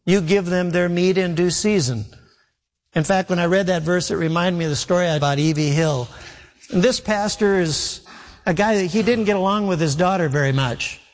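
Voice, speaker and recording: Male preacher, storytelling sermon, somewhat high voice, long hall echo. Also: brisk. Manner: storytelling, emphatic repetition. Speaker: pastor.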